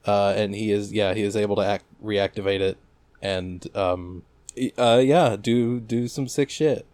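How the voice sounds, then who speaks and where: Male co-host, lowish voice, dry close sound, hesitant casual chat. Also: steady tone, darkish tone, no echo. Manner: halting, filler-heavy, profane. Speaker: podcast co-host.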